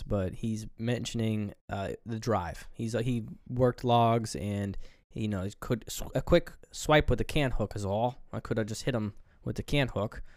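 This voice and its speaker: A man's voice: mid-range voice, a little mellow, no room sound, studio quality. A man co-hosting a casual film review chat, rambling through scenes and acting out quoted lines. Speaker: podcast co-host.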